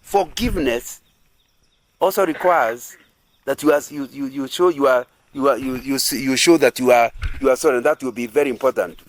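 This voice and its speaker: A man's voice: mid-range voice, moderate pace. A man preaching at a couples' retreat, earnest and repetitive, often asking the audience if they agree. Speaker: pastor.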